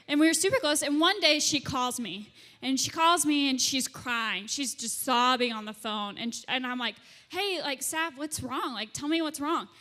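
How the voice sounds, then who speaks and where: A woman's voice: sits high, pushed and bright. A young woman giving a chatty, playful youth group talk to middle schoolers, acting out little scenes as she goes. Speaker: youth leader. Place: church youth room. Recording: reverberant hall.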